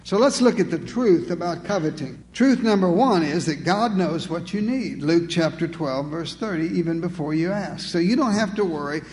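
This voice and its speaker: An emphatic male pastor delivering a sermon, driving points home with rhetorical questions and dry humor. His voice sits high for a man and carries long reverb across a church hall. Faint background noise hums underneath. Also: lively intonation, normal speed, hardly any pauses, darkish tone.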